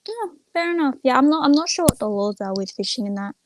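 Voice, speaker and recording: A woman's voice: high voice, animated, fast talker, a little hiss or hum. A young woman chatting casually on a livestream, rambling and retelling stories with lots of "I'm like.". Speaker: streamer.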